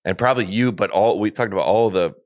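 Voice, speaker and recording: Male podcast host, very low voice, casual and halting, dry sound. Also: no room sound. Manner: casual, halting, many fillers. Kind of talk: casual conversation.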